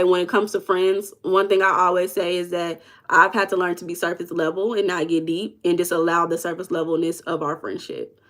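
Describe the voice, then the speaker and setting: A woman's voice: fairly low pitch, fairly bright tone. A young woman coach chatting casually with viewers, telling stories and calling them y'all. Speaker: manifestation coach answering viewers live. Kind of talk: casual livestream chat.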